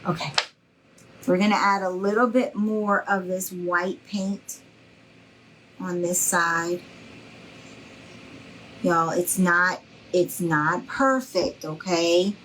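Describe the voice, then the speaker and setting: A woman's voice: on the low side, fairly even intonation, slow pace, long pauses, fairly bright tone, slight background noise, rough recording. A middle-aged woman, giving a live craft tutorial in a chatty, reassuring way and greeting viewers by name. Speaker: craft instructor.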